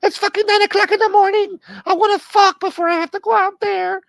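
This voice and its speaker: A man putting on a high falsetto voice for a demanding, shrieking female pop star. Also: fairly even intonation, brisk, creaky, fairly bright tone, no room sound, heavily acted.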